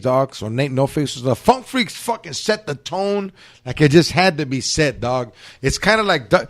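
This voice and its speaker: A man's voice: fairly high pitch, fairly bright tone. A man telling a long casual story as a podcast host, slangy and heavy on profanity.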